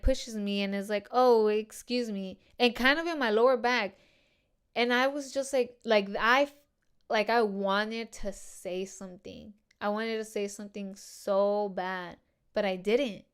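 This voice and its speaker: A young woman talking straight into her podcast mic with a smooth, clear voice. She is casual and slangy, swears freely and keeps the talk animated, at a middle pitch. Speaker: podcast host. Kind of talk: casual solo podcast monologue.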